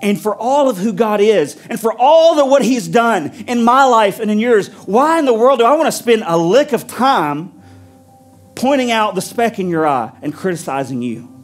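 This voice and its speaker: A pastor preaching a sermon with an emphatic, repetitive cadence, then leading a prayer. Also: male voice, high voice, very animated, moderate pace, faint music behind.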